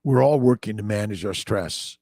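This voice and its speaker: A man's voice: lowish voice, expressive, normal speed, warm tone, no room sound, studio quality. Older man preaching an upbeat morning livestream. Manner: enthusiastic, preachy, greets viewers by name. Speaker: doctor hosting a morning livestream. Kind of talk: casual livestream monologue.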